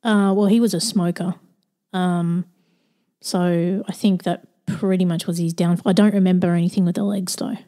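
A woman sitter answering a medium in brief, quiet replies. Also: lowish voice, fairly even intonation, moderate pace. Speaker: sitter receiving a reading.

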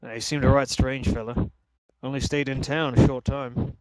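A man's voice: mid-range voice, level tone, moderate pace, darkish tone, dry recording, natural voice, poor audio. A man voicing a friendly fisherman villager in a tabletop game, talking in a folksy, chatty way. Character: friendly middle-aged male fisherman villager.

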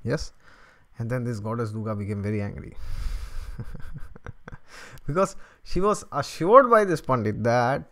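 A middle-aged man teaching through a scripture story, chuckling often and asking rhetorical questions in an animated, conversational way. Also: on the high side.

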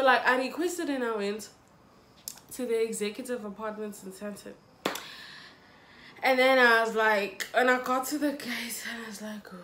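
A woman's voice: medium pitch, sharp tone, echoey room, slight background noise. A young South African woman telling a dramatic storytime to her viewers. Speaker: YouTuber. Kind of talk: storytime vlog.

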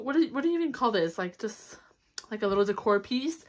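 A woman's voice: on the high side, expressive, a little fast. Chatty young woman filming a haul. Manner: chatty, upbeat, with fillers and little squeals of delight. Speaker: vlogger. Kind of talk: casual haul vlog chat. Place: home, indoors. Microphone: camera on a stand.

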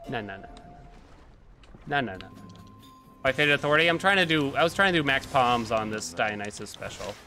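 Male streamer, casual running commentary, bright tone, game music underneath. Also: medium pitch, expressive, fairly quick, long pauses. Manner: chatty, reacts aloud to the game.

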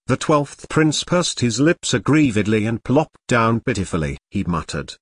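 Dry, lively-pitched male audiobook narrator. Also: normal speed, few pauses, no echo. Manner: machine-like reading, reads symbols aloud.

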